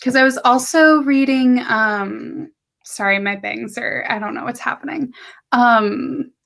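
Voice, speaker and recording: Host: young woman, slow, unhurried speech, chatty and quick to laugh on a video call. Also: fairly high pitch, creaky, a bit bright. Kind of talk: casual video-call chat.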